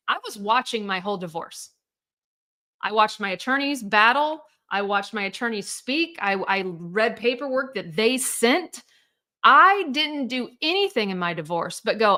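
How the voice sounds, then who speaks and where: A woman's voice: medium pitch, lively intonation, moderate pace, sharp tone. A woman coaching people through divorce in a blunt, emphatic monologue, swearing freely and firing off rhetorical questions. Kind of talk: motivational monologue.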